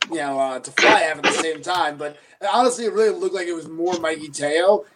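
A man giving thoughtful, measured analysis in a casual sports chat. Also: on the high side, fairly bright tone, slight background noise, low-quality recording.

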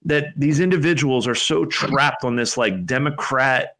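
A man's voice: medium pitch, unhurried, a bit bright. A man hosting a podcast, rambling and exasperated in casual chat. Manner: rambling, exasperated, full of fillers. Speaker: podcast host.

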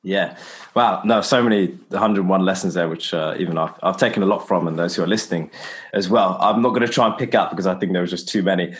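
A man hosting an interview podcast, speaking softly and encouraging his guest. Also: sits low, fast. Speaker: podcast host.

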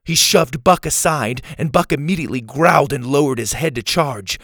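Gravelly man narrating a kids' story. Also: fairly high pitch, normal speed, fairly bright tone, no echo, studio quality. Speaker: storyteller and podcast host.

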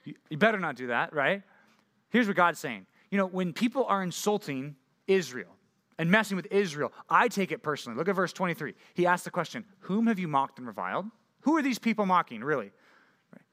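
A young man preaching a youth sermon, energetic and jokey, often checking in with "right?". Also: sits high, brisk. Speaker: youth pastor.

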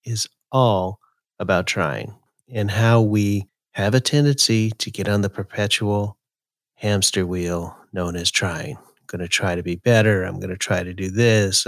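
Slow, relaxed man reading poetry. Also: low voice, vocal fry, no room sound, clean studio sound. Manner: slow, relaxed, folksy delivery. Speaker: podcast host. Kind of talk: casual talk and poetry reading.

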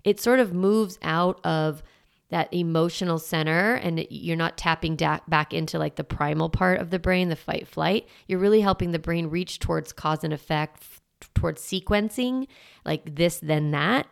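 A woman in her forties talks through a solo parenting podcast. Her voice sits fairly low with a gravelly, fry-edged texture. She keeps it casual and chatty, coaching her listeners with encouragement and plenty of "like" and "you know". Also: moderate pace. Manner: casual and chatty, filler-heavy, laughs easily.

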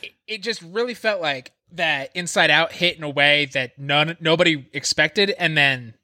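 A man on a movie podcast panel, talking in a rapid, animated way and acting out his reactions. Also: fairly high pitch, no room sound, clean studio sound. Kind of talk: casual movie podcast chat.

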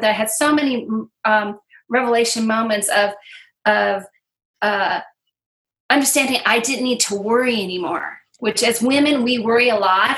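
An interview guest from Iowa shares her personal testimony in a bright, rather high voice. She tells it earnestly and from the heart, with many fillers.

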